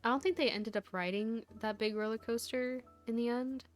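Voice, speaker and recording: A woman's voice: on the high side, steady tone, moderate pace, soft background music. A woman VTuber chatting casually to her stream viewers, rambling through a story with lots of laughs and fillers.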